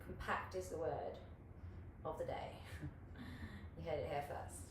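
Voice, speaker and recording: A woman's voice: low-pitched, normal speed. A woman teaching an online hula hoop class, chatty and encouraging, swearing casually and laughing often. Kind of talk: live online class coaching. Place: home room, online class. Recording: echoey room, far from the mic, faint hiss.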